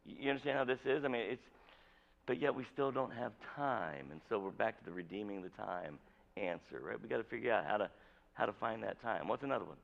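A man's voice: lowish voice, fast talker, gravelly, dull audio. A male pastor preaching a sermon in a conversational, jokey way, with many restarts.

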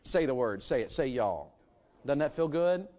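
Middle-aged man, pastor preaching a sermon, animated, lots of rhetorical questions. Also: mid-range voice, moderate pace.

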